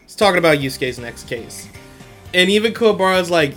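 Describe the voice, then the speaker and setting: A man's voice: high-pitched, expressive, a little fast, fairly bright tone, soft background music. Laid-back slangy young guy. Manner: slangy, laughs often, quotes characters in his own voice. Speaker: podcast host. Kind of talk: casual anime episode recap.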